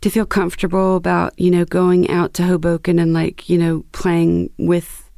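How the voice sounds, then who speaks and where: A woman's voice: fairly low pitch, completely flat delivery, moderate pace, gravelly, dark tone, dry recording. A woman musician telling stories in a casual interview, rambling with lots of fillers. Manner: rambling, full of "you know" fillers. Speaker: musician guest.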